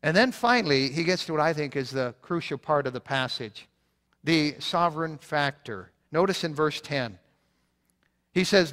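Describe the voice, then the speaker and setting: A man's voice: a little high, lively intonation, moderate pace, a bit bright. A man preaching a sermon as pastor, earnest, repeating points for emphasis, often restarting his words. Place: church sanctuary. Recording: long church reverb.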